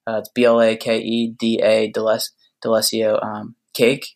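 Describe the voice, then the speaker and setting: A man's voice: fairly low pitch, completely flat delivery, normal speed, darkish tone. A man on a podcast as a guest, chatting casually in a laid-back, joking way.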